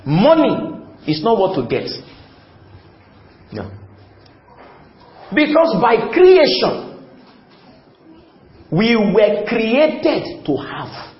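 A man preaches with a high, animated voice that leaps up and down, repeating phrases for emphasis and quizzing his congregation. He sounds like he is in a church hall with an echoey, somewhat muffled recording and faint room noise behind him. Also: very slow, pauses often. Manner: call-and-response, asks the congregation questions. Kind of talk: sermon.

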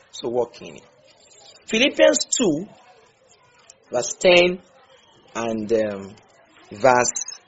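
A man's voice: medium pitch, breathy edge. A man leading a Bible study, repeating and stressing words as he calls on listeners. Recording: muffled lo-fi recording.

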